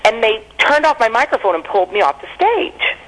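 A woman in her forties, a comedian guest telling stories in a brash, profane, animated way during a casual interview. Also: a little high, brisk, rough recording.

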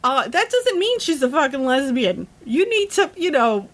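A woman with a high voice vents straight to the camera, swearing freely and pressing each point with blunt emphasis. She sounds worked up and emotional, and the rant stays heated from start to finish. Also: big pitch swings, normal speed. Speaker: vlogger.

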